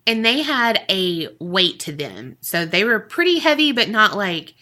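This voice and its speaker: Woman, podcast co-host, unhurried, bright tone, casual and profane. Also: mid-range voice, big pitch swings. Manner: casual, profane, laughs often. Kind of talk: casual storytelling chat.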